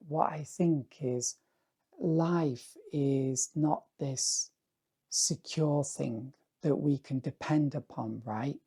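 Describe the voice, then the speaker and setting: Male artist vlogger, hoarse and rambling; mellow, gravelly tone, unhurried. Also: fairly high pitch. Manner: rambling, musing, often asks "yeah?". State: hoarse, voice going dry. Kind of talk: casual talk to camera.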